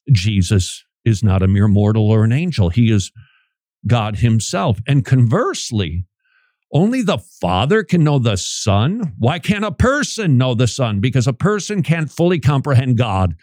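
A man hosting a radio show, teaching from the Bible with emphatic, dramatic preaching that swings suddenly in pitch. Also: a little mellow, no room sound, studio quality.

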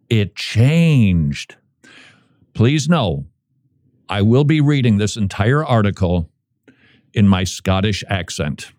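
A man's voice: medium pitch, a little mellow, no room sound, clean studio sound. A man hosting talk radio, reading an article aloud and breaking off for playful jokes. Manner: playful, joking asides while reading aloud. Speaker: radio host. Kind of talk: casual talk radio commentary.

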